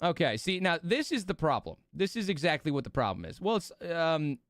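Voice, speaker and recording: A man's voice: on the high side, a little fast, dry recording, studio quality. A young man hosting a live stream, chatting casually and ranting with lots of swearing while sleepy and yawning. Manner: profane, ranting, animated storytelling. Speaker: streamer hosting a watch party.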